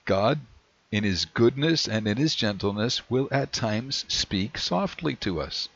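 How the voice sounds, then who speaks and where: A man preaching a sermon in a measured way, slowing down whenever he reads scripture aloud. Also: mid-range voice, big pitch swings, a bit bright, no echo. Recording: dry, dull lo-fi recording.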